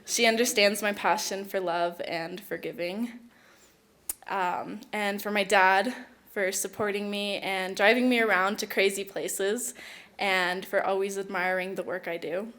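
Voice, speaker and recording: A woman's voice: medium pitch, fairly even intonation, a little slow, a bit bright. Teenage girl giving a tearful acceptance speech. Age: teens. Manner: emotional, fighting tears, giggly. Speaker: award recipient. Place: awards event hall.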